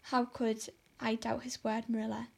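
A woman's voice: a little high, flat delivery, normal speed, creaky, slightly rough. A woman voicing a dramatic, despairing young orphan girl who pleads and exaggerates. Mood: pleading. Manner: melodramatic, pleading.

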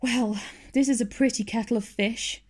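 A woman voicing a stern, sharp-tongued older spinster in a storybook reading. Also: on the high side, steady tone, moderate pace, slightly rough. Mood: stern, scolding. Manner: curt, stern, scolding.

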